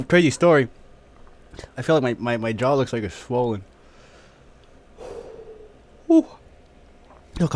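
A man's voice: medium pitch, darkish tone. A man on a live stream, coughing, sniffling and drooling as he talks casually, cursing freely and wincing in pain.

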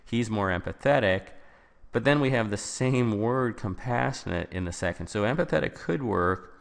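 A man's voice: lowish voice, expressive, moderate pace, creaky, in a large hall. A man explaining vocabulary answers as a test-prep tutor, informal and thinking aloud with small restarts.

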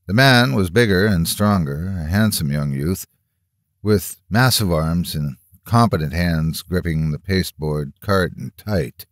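A man with a very deep voice reads a horror tale aloud, slow and measured, leaning into the tense moments. The sound is dry and close, with no room around it. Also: no room sound. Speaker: horror story narrator. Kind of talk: dramatic audiobook reading.

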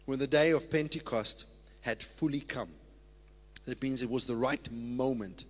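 A man preaching a sermon as pastor, moving from steady scripture reading to whoops and laughter. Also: mid-range voice, a little slow. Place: church sanctuary. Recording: long church-hall reverb.

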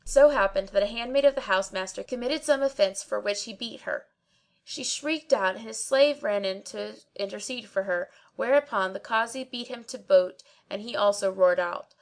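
A woman narrating an audiobook of old tales in measured, storytelling delivery. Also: medium pitch. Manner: measured storytelling with archaic diction. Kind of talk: scripted narration.

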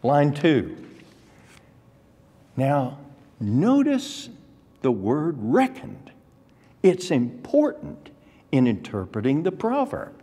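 An older man teaching an adult Bible class, deliberate and emphatic, leaning hard on key words. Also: a little high, huge pitch swings, warm tone, husky. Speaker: Sunday school teacher. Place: church classroom. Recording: long reverb of a church hall.

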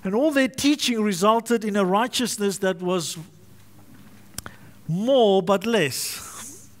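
High-voiced man preaching a sermon. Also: slow pace. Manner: emphatic, repetitive listing with alliteration. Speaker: pastor.

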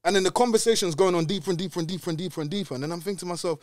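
A young man telling a story in a casual podcast chat, animated and slangy, acting out dialogue. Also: sits high, racing, no echo, clean studio sound. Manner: animated, slangy, says "bruv" constantly, acts out dialogue. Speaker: podcast guest.

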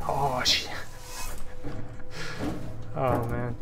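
Excitable, foul-mouthed male game streamer. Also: mid-range voice, normal speed, music in the background. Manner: profane, excitable, with sudden shouts. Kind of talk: live gameplay commentary.

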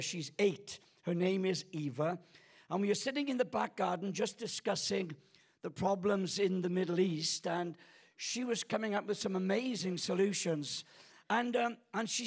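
Husky high-voiced older man preaching. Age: 60s. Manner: storytelling with humor and self-deprecating jokes. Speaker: guest pastor. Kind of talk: sermon. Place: church auditorium.

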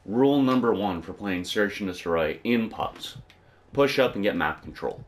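Young guy with a cold, stuffy nose, deep low voice, cussing a lot over gameplay, bit of hiss behind. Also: expressive, normal speed. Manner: profane, irritated, rambling. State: congested with a cold. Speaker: gaming video creator. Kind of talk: casual gameplay commentary.

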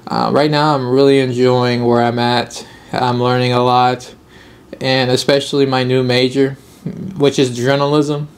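Young guy rambling on his own podcast, upbeat, average pitch, laughs a lot. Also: little pitch movement, a little slow. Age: young adult. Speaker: podcast host. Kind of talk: casual solo video podcast.

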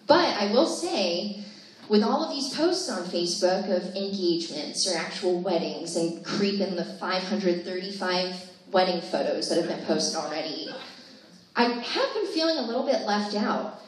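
A woman's voice: mid-range voice, animated, normal speed. A young woman in her twenties doing a chatty, self-deprecating stand-up set full of fillers at a live comedy show. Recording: echoey room, distant mic, faint noise.

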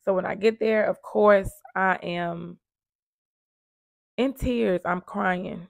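A woman recounts her own survival story in an earnest, emphatic way, repeating her key points. Her voice has a gravelly fry and sits at a middle pitch. The recording is close and dry, with no room sound. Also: steady tone, slow pace, no room sound. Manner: emphatic, repetitive, earnest retelling. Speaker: domestic violence survivor sharing her story. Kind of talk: emotional personal storytelling.

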